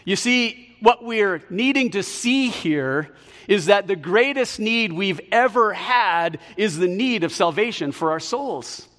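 A man preaching a sermon, emphatic and slowing down on key words, in a large hall. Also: high-pitched, animated, a bit bright. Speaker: pastor.

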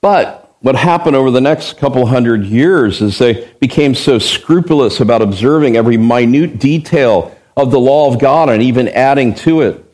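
A man's voice: mid-range voice, moderate pace, hardly any pauses, a little mellow. A man preaching an expository Bible sermon as pastor. He is emphatic, asks the listeners rhetorical questions and acts out the verses he quotes.

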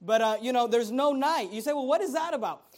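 A pastor preaching a sermon in a conversational style, with rhetorical questions and loud, rising emphasis. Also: male voice, very high-pitched, animated, a little fast.

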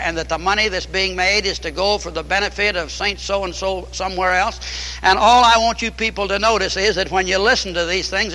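A man's voice: high-pitched, pushed and bright, big-room sound, poor audio. A man preaching a fiery sermon, emphatic and repeating key phrases.

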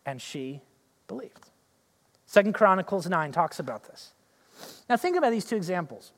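A male pastor preaching a sermon, telling the story in a lively way and acting out the characters' lines. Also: sits high, normal speed, long pauses, long reverb tail.

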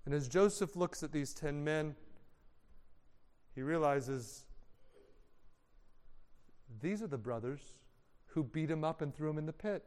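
Male preacher, high and resonant, animated storyteller with casual slang; long reverb in a hall. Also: a little slow, pauses often, smooth. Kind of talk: sermon storytelling.

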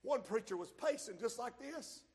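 High-voiced preacher in a reverberant hall. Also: male voice, lively intonation. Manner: swings from loud shouting to low, quiet asides; drawls key phrases slowly. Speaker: pastor. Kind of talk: sermon.

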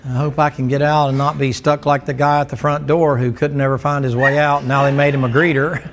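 A man's voice: medium pitch, level tone, brisk, background noise. A male preacher, delivering a folksy, joking sermon to a congregation in a church. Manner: folksy, joking storyteller who teases the congregation.

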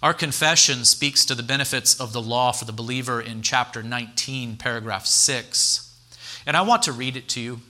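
Male pastor, bright and sharp voice, earnest teaching sermon, poses rhetorical questions. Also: medium pitch, normal speed.

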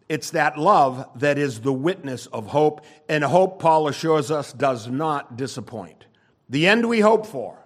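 An older man preaching a sermon, earnest and emphatic, rising to urgent exhortation and dropping to quiet asides. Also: on the high side. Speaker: pastor.

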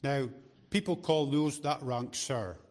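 A man's voice: mid-range voice, slow, a little mellow. Man preaching a chatty sermon. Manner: chatty, joking asides to the congregation; frequent restarts and repeated words. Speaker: lay preacher.

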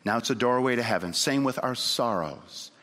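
Impassioned preacher in a reverberant hall. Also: male voice, expressive, moderate pace. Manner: impassioned preaching, swings from loud high pleas to low hushed lines. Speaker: pastor. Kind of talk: sermon.

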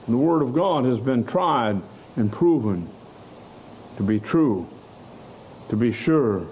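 A man preaching a sermon, slow and emphatic, stressing key words and letting out short laughs. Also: mid-range voice, expressive, darkish tone, a little hiss or hum.

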